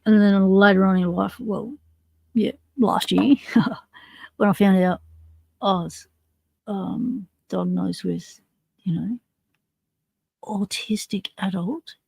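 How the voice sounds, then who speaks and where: A woman's voice: medium pitch, takes it slowly, creaky, pauses often, a little mellow, breathy edge, dry recording. A woman hosting a casual livestream, chatting in a rambling way and laughing often. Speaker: livestream host.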